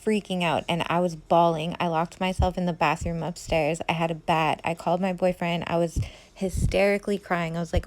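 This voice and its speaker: A woman from Canada telling a personal true story in a casual, chatty way, full of "like" and quiet asides. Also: fairly low pitch, steady tone, fairly quick. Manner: chatty, fills with "like", quiet and hushed.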